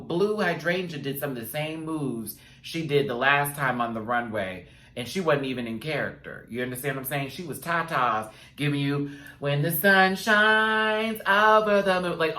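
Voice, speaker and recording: A man's voice: mid-range voice, moderate pace, hardly any pauses, bright, forceful tone. A man giving a sassy, chatty, rambling recap rant of a reality TV episode as the show's host. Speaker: reality TV reviewer. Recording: roomy echo.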